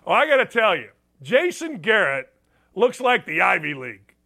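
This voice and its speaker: Sports radio host, a man with a high, bright voice, blunt and sarcastic, lively delivery. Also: moderate pace. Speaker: sports talk show host. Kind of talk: opinionated sports talk monologue.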